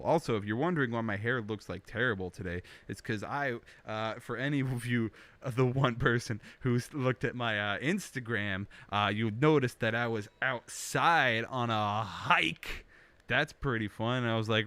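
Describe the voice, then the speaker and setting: A man's voice: mid-range voice, normal speed, fairly bright tone. A young man hosting his own web show, rambling through a joking, self-deprecating monologue with lots of restarts, recorded on a studio microphone. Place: small indoor home studio.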